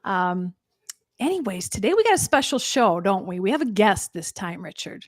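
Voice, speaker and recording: A woman's voice: medium pitch, big pitch swings, normal speed, no echo. A playful, chatty woman co-hosting a business show. She is recorded dry and close. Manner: chatty, playful, laughs at herself. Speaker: co-host. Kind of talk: casual video podcast talk.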